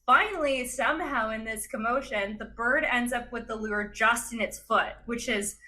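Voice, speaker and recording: A young woman, a podcast guest, telling a story in an animated, chatty way with lots of laughs and fillers. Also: a little high, moderate pace. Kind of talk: casual storytelling in a chat.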